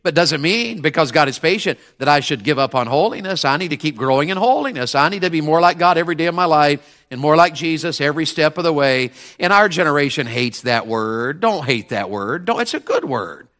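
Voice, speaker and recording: High, bright preacher man. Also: lively intonation, a little fast, hardly any pauses. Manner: call-and-response preaching, swinging from hushed to shouting. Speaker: pastor. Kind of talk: sermon.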